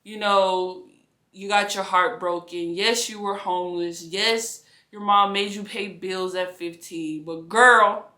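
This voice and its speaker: Young woman telling her faith testimony, slow and earnest, bright voice, echoey room. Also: mid-range voice, fairly even intonation. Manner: earnest, conversational, casual slang. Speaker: interview guest sharing a testimony.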